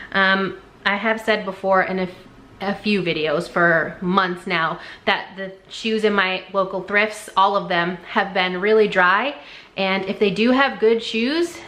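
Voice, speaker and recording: A woman's voice: medium pitch, bright, forceful tone. A woman casually showing thrifted items she resells, chatty and full of fillers, often unsure how brand names are said. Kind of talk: casual haul vlog. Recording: echoey room.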